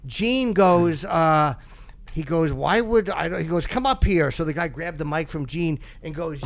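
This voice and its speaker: Gravelly, higher-voiced man telling stories. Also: lively intonation, moderate pace. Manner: rambling, self-deprecating, laughs often. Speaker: podcast host. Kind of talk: casual chat, storytelling.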